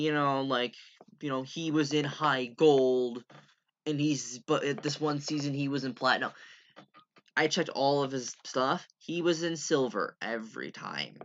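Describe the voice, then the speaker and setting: A man's voice: medium pitch, fairly bright tone, highs cut off, slight background noise. A young man giving a rambling, profane, exasperated casual rant over gameplay as a gaming YouTuber.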